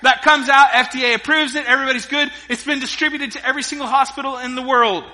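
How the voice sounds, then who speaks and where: Middle-aged pastor guy preaching, super bright cutting voice, lots of hall reverb. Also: extremely high pitch, fast. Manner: energetic storytelling preacher, swinging between loud emphasis and hushed asides. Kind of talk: sermon. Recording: long reverb of a large hall.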